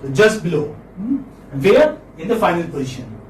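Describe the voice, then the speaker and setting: Male phonetics lecturer, high voice, distant mic, faint hiss, patient and repetitive. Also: big pitch swings. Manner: repeats words slowly, asks "hmm?" to check students. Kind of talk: classroom lecture. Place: classroom. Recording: echoey room, mic from afar, faint noise.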